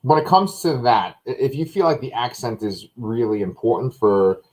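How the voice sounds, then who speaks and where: A man's voice: medium pitch, moderate pace, darkish tone, poor audio. A man co-hosting a live review, talking casually and thinking aloud with many fillers and hedges. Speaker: co-host of a live review show.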